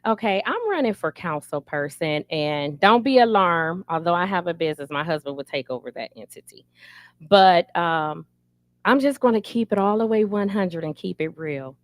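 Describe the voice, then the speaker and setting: A woman's voice: fairly low pitch, animated, normal speed, no room sound. A middle-aged woman running for city council, answering an interview in a candid, emphatic storytelling manner.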